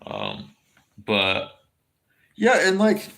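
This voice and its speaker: An American man from California chats casually on a livestream, answering chat in a rambling, heavily profane way packed with fillers. His voice is fairly high and fairly bright, with huge pitch swings, vocal fry, and an extremely slow pace.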